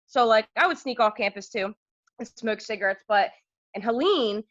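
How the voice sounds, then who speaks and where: Bright-voiced young woman telling stories. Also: a little high, moderate pace, no room sound. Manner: candid, animated storyteller with many fillers. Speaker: podcast guest. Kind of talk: casual storytelling chat. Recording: dull lo-fi podcast audio.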